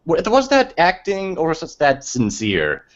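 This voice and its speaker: Animated man on a lo-fi group call. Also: a little high, unhurried. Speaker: hangout participant. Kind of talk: casual group video chat.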